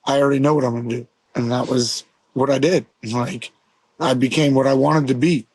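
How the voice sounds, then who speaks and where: A man's voice: medium pitch, fairly even intonation, a little fast, darkish tone, husky. A man in his forties from Las Vegas, a guest telling stories casually, rambling with fillers and swearing. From Las Vegas, USA. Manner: profane, rambling storyteller with many fillers. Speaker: guest, pro skateboarder. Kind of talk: casual storytelling. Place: podcast studio.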